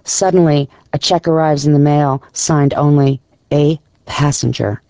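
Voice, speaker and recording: A man reading a story aloud in a measured, even storytelling voice with a gravelly edge. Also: a little high, dry recording. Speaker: narrator. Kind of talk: scripted audiobook narration.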